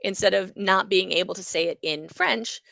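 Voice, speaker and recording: A woman who is a university psychology lecturer, explaining everyday speech errors in a lively way and acting out examples. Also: mid-range voice, moderate pace, gravelly, no room sound. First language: English.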